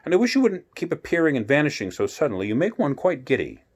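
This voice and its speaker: A man's voice: a little high, wildly swooping pitch, fast, husky, voice pushed up, full character voice. A man reading the lines of a curious, polite young girl in a slightly raised, questioning tone, for a bedtime story.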